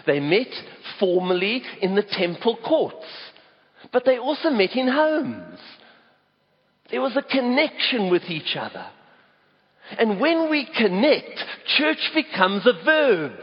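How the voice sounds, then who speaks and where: A South African man delivers a sermon with a pitch that swings up and down and a slightly raised voice. He leans hard on key words and slips into stories as he goes. The sound is dull and lo-fi, with a long reverb from a large hall. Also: breathy edge. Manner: emphatic, storytelling preacher who stresses key words. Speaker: pastor. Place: church auditorium.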